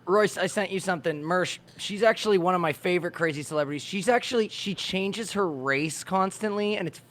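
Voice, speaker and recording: A man on a comedy podcast, tossing in quick, offhand crude remarks. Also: high voice, a bit bright. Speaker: podcast co-host.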